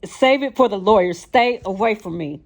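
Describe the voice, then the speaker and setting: A woman's voice: mid-range voice, expressive, normal speed, pitched above the performer's own voice. A woman voicing a frightened young woman who pleads with her abuser and then defies him. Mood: defiant.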